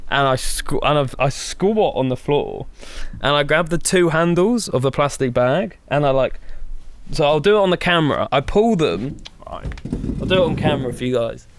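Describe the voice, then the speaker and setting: A man's voice: a little high, moderate pace. Swearing young man telling a story. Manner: animated, swears a lot, acts out his own panicked voice. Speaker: podcast co-host. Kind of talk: casual storytelling.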